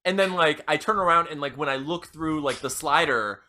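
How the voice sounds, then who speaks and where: A young man co-hosting a podcast, riffing loosely through a comedy pitch. His voice is bright and a little high, and he keeps acting out quoted lines with big leaps in pitch. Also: fairly quick. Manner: rambling, acts out quotes with jumps in pitch. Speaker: podcast co-host.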